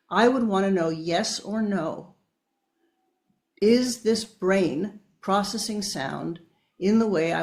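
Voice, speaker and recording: A woman's voice: lowish voice, gravelly, darkish tone. A woman speaking as an interview guest, explaining research in an emphatic, conversational way and sometimes addressing listeners directly. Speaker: guest neuroscientist.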